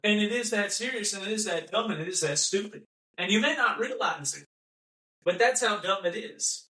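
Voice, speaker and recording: A man's voice: high-pitched, animated, normal speed, pushed and bright. A man hosting a podcast in an impassioned, mocking monologue, repeating himself and acting out the voices of people he quotes. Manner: ranting, repetitive, mocking, acts out quoted voices. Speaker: podcast host. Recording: echoey room, voice from a distance.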